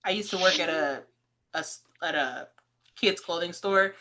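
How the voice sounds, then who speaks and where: A woman's voice: fairly low pitch, normal speed, very noisy. A woman hosting a podcast interview, chatting casually and acting out quoted voices as she tells stories. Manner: animated storyteller, acts out quoted voices, laughs often. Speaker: podcast host.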